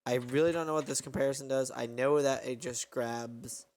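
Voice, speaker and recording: A man's voice: medium pitch, steady tone, normal speed, a little mellow. A young man hosting a casual stream from his bedroom on a headset, explaining his code in a loose, rambling way. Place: home bedroom.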